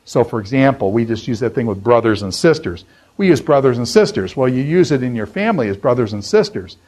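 A man's voice: mid-range voice, animated, fairly quick, a little mellow. A man teaching a college Bible class in a loose, conversational way, repeating phrases and using fillers. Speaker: Bible professor. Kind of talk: classroom lecture.

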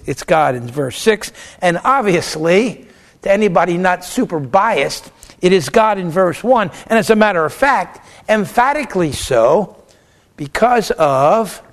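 High-voiced man giving an emphatic lecture. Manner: animated, argues both sides of a question aloud; emphatic, with rhetorical questions. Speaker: theology lecturer. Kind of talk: classroom theology lecture.

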